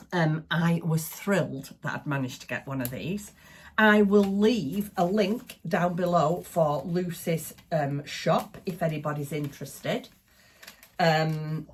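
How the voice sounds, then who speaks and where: A middle-aged woman hosting a crafting channel, chatting excitedly to the camera at home and laughing often. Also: low-pitched, husky. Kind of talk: casual chat to camera. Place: small home craft room.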